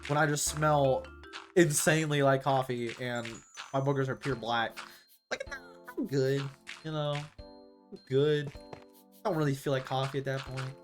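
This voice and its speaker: A man's voice: medium pitch, steady tone, moderate pace, faint music behind. Rambling young man streaming a game. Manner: rambling, slangy, talks to chat while playing. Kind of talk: casual gaming stream chat.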